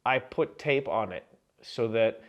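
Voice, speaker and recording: A man vlogging to camera in a rambling, absurd comic monologue full of fillers and deadpan jokes. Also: mid-range voice, unhurried.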